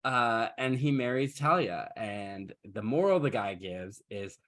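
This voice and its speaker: A man's voice: on the low side, expressive, unhurried, a bit bright. Wry, sarcastic male podcast host. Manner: casual, swears freely. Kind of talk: casual chat.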